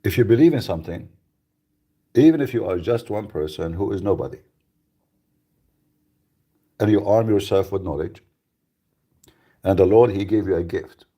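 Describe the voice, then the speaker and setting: A man's voice: deep voice, normal speed, long pauses, warm tone. A middle-aged man from the Middle East, English not his native language, giving an earnest personal testimony on live radio with emphatic rhetorical questions. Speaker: radio host.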